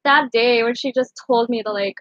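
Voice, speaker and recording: A woman's voice: a little high, normal speed, fairly bright tone, no echo, lo-fi sound. A young woman in her late teens rambling emotionally through a casual storytime vlog, full of fillers. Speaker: vlogger.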